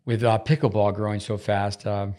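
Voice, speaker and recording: A man hosting a podcast, asking the guest questions with quick enthusiastic bursts. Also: on the low side, little pitch movement, mellow. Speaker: podcast host. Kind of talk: interview questions.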